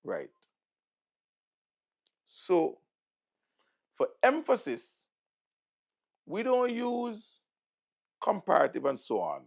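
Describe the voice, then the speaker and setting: A middle-aged Vincentian man delivers sarcastic political commentary as a host, hammering single words over and over for emphasis. His voice is gravelly and fairly high for a man, and it leaps up and down with a lot of swing. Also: huge pitch swings, very slow, pauses often. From St Vincent and the Grenadines.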